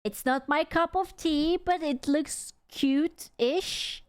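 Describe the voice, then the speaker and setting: A woman's voice: high voice, takes it slowly, no room sound. Giggly young woman streamer, dry close mic. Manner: giggly, chatty, lots of fillers and laughter. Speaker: streamer reacting to a video. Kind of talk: casual reaction commentary.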